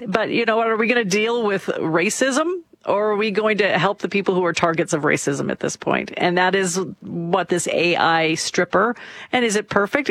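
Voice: mid-range voice, fairly bright tone, no room sound. A talk show co-host chatting in an opinionated, digressive way with frequent fillers. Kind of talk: conversational talk show chat.

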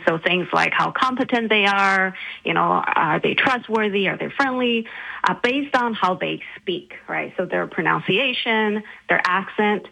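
A woman's voice: on the low side, pushed and bright. A woman business professor, a guest expert, patiently explaining a concept over a phone line. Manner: clear, patient explaining with light fillers. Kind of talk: explanatory interview answer.

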